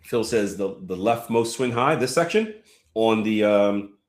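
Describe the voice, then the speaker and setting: Low-voiced man coaching traders live. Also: animated, unhurried, reverberant. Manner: conversational, reads viewer comments aloud, many fillers. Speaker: trading coach. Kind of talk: live trading lesson.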